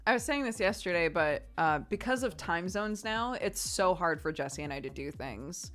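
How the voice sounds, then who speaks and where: A woman in her thirties, a streamer casually answering chat questions in a relaxed, chatty way and laughing often. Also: on the low side, normal speed, faint music behind.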